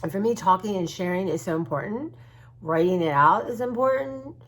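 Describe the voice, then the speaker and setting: A woman's voice: on the low side, expressive, fairly quick, a little hiss or hum. A woman vlogging about her art journaling, chatting to her viewers in a rambling, open-hearted way, with many restarts. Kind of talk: casual chat to viewers. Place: at home.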